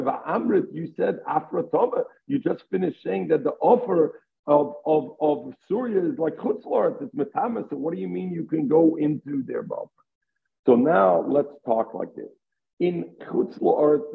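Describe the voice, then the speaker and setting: A man's voice: a little high, gravelly. A man giving a Talmud lesson, explaining step by step and weaving Hebrew and Aramaic terms into his English. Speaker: Talmud teacher. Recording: tinny phone-line audio.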